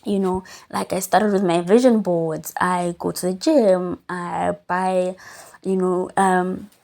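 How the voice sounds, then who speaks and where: Chewing gum and lying on a bed at home, a young South African podcast host muses candidly and casually in a reflective monologue. She speaks slowly in a lowish, level voice that's creaky and darkish.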